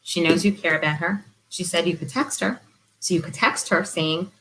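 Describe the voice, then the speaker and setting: A middle-aged woman with a slightly low voice talks through informal guidance as a support counselor. She sounds gentle, earnest and reassuring. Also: fairly even intonation, fairly quick, rough recording. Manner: briefly drops to a whisper.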